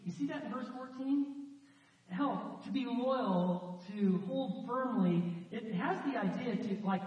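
Man, pastor, sermon, high voice, echoey church hall, distant dull mic. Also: a little mellow. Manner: storytelling, conversational preaching with acted quotes.

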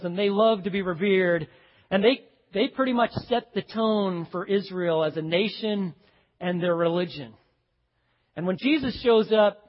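A man preaching a sermon as pastor, with a folksy, joking and animated delivery. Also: high voice. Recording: dull sound with long hall reverb.

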